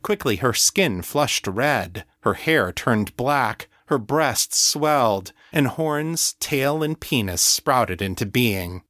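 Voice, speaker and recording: A man reading an audiobook story in calm, measured scripted narration. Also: mid-range voice, no echo, studio quality.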